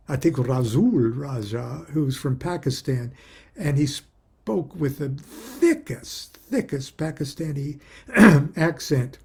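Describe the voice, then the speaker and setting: Wry male author reading aloud; husky, mellow, slow-paced, chuckles between lines. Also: mid-range voice. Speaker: author reading his own book. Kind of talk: reading aloud with personal asides.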